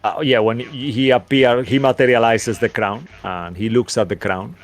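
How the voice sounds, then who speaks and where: A man's voice: mid-range voice, steady tone, normal speed, few pauses, faint music behind. A man narrating a tabletop game as game master, hesitant and full of restarts.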